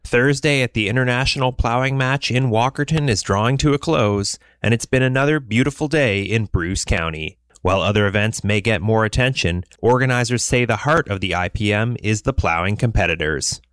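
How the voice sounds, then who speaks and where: A man reading a scripted local news report in a measured newsreader style. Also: lowish voice, a bit bright, clear, resonant tone, no room sound. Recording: dry studio voice.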